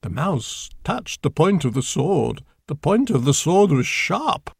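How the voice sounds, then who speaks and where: A man narrates a children's storybook slowly and deliberately, his gravelly, husky voice rising and falling with lively expression. He sits a little higher than most men. The recording is close and dry. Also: dry recording. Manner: slow, clear, deliberate reading.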